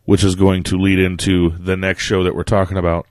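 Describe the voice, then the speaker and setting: Low voiced guy hosting a podcast, laid back and rambly, dead dry sound. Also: fairly quick, no room sound. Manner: relaxed, rambling. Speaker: podcast co-host. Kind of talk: casual chat.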